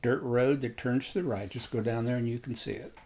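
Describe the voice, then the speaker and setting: Guy quoting a calm helpful village lady, soft and matter of fact, no real voice change. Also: mid-range voice, a little fast, husky. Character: calm helpful village woman walking her dog.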